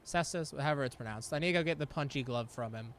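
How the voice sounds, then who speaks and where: A man's voice: medium pitch, fast talker, fairly bright tone, slight background noise. Chatty man laughing through gameplay. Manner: chatty, laughs often, talks back at the game. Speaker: gameplay streamer. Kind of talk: casual gameplay commentary.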